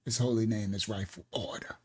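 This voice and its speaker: A man's voice: fairly low pitch, fairly even intonation, a little fast, slightly rough. A man leading an online Bible lesson as pastor, talking in a loose, repetitive way with laughing asides.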